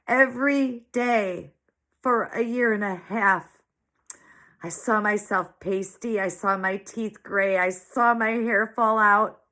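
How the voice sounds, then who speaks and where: A woman in her forties shares her story in an earnest, heartfelt monologue. She sounds teary-eyed and sniffly, leaning on repeated phrases for emphasis. Her voice sits at an ordinary middle pitch. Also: bright, forceful tone. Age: 40s. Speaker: small business owner sharing her story.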